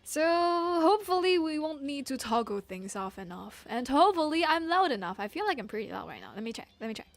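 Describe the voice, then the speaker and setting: A woman's voice: high voice, sing-song, fast, hardly any pauses, no room sound. A woman hosting her own livestream, chatting casually into a desktop microphone in a bubbly, playful, rambling way. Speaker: livestream host. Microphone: desktop streaming microphone.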